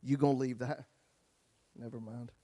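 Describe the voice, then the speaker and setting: A male pastor telling his own story in a sermon, folksy, swinging between loud bursts and hushed lines. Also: medium pitch, steady tone, normal speed, dry recording, lo-fi sound.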